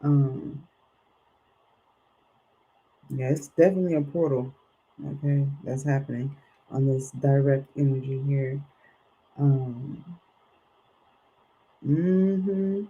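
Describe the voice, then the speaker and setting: A woman's voice: very deep voice, takes it slowly, long pauses, mellow, husky, dull audio. A woman hosting a livestream tarot reading, talking in a rambling, hesitant way that trails off. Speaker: tarot reader.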